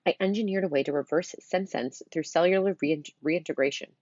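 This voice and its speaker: A woman's voice: sits low, brisk, a little mellow, no echo, lo-fi sound. A woman voicing a cranky, boastful grandfather who has turned into a thirteen-year-old boy, speaking indignantly and grandly. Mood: haughty.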